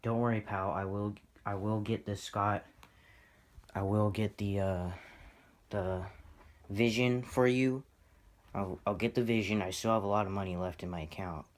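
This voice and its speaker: A man vlogging about his toy collection, rambling and excitable, poking fun at his own spending. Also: fairly low pitch, moderate pace. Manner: excitable, rambling, self-mocking. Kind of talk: casual rambling vlog.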